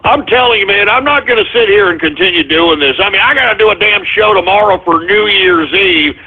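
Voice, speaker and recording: A man's voice: high-pitched, brisk, slightly rough. A man hosting a call-in radio show, ranting angrily and swearing at his callers. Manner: angry ranting, swears a lot. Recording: tinny phone-like broadcast audio.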